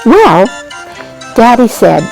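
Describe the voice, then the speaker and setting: A woman's voice: fairly high pitch, sing-song, slow pace, creaky, darkish tone, soft background music, rough recording. A woman narrating a children's story in a chatty way, often turning to ask her listeners questions. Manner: chatty, addresses listeners directly.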